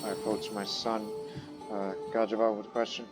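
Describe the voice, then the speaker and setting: A man's voice: on the low side, level tone, normal speed. Man narrating a strategy game playthrough. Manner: reads event text aloud in first person, then muses. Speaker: gameplay commentator. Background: faint background music.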